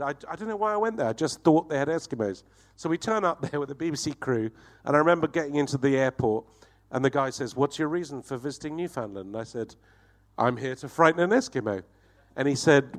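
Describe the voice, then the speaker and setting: A man, telling a profane, animated anecdote and laughing through it as a comedy guest. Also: mid-range voice. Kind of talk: anecdotal storytelling.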